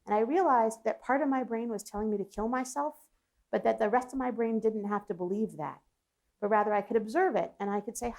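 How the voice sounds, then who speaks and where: A woman's voice: on the high side, fairly quick, creaky, darkish tone. Earnest woman telling a personal story. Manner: earnest, reflective, with frequent restarts and laughs. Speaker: psychologist guest.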